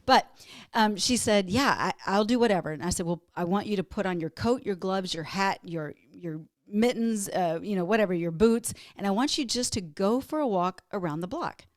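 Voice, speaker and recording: A woman's voice: mid-range voice, moderate pace, darkish tone, no room sound, studio quality. A woman from Minnesota, a wellness guest on a podcast interview, telling stories in an upbeat, motivational way.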